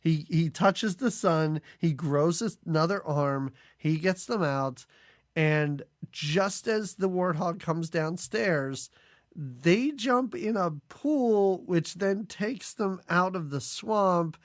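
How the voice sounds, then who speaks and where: A man's voice: high-pitched, takes it slowly, no echo, studio quality. A man co-hosting a casual movie podcast, recapping scenes with sarcasm and frequent laughs. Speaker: podcast co-host.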